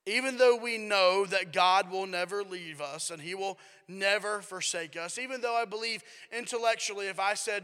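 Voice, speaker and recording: A man pastor preaching a sermon in a church, emphatic and dropping to a hush at times. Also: high-pitched, a little fast, few pauses, clean tone, long reverb tail. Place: church sanctuary.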